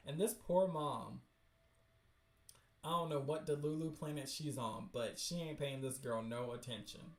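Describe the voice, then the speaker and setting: Excitable man reacting to webcomics. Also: a little high, measured pace. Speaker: host. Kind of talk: livestream dramatic reading of webcomics. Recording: roomy echo.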